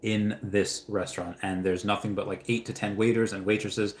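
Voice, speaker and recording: A male streamer with a fairly low voice chats casually through a livestream. He reads viewer comments aloud and trips over his words, repeating the first words of a sentence before getting going. Between comments he wanders off into long stories. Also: flat delivery, moderate pace. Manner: reads out chat messages, then rambles into anecdotes; frequent stammered restarts. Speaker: livestream host answering viewer questions.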